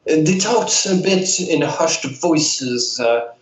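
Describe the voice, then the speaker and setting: A man's voice: a little high, lively intonation, extremely slow, roomy sound, soft background music, poor audio. Man putting on a rambling old lady. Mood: worried. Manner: rambling and hesitant, trailing off. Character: fretful old woman waiting patient.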